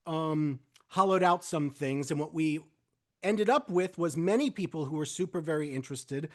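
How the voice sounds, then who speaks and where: A man who is a guest rabbi on a podcast interview, speaking in a measured, hesitant way as he weighs his words. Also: on the high side.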